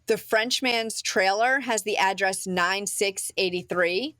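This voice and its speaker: A chatty woman hosts a podcast and walks through a film's plot in easy, rambling chat, with plenty of "um" and "like" along the way. Her voice is mid-pitched and sounds close and dry on the mic. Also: slow pace, bright, forceful tone, dry recording. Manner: chatty storyteller with frequent "um" and "like". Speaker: podcast host. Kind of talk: casual chat recapping a film.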